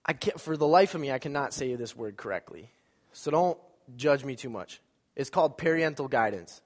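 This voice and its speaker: A man's voice: mid-range voice, moderate pace, long reverb tail. A man preaching a sermon to his congregation, telling stories, joking, and acting out voices. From American Midwest. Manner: animated storytelling, acts out voices, jokes with congregation. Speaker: pastor. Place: church sanctuary.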